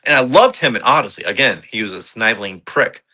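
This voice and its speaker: A man co-hosting a podcast, reviewing movies in casual, excitable chat, swearing freely and rambling with fillers. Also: on the low side, fairly quick. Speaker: podcast co-host.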